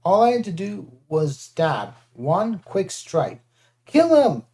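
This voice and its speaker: A first-person audiobook reading, lively and shifting into character voices. The timbre sits dark and mellow at a middle pitch. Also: takes it slowly. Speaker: audiobook narrator.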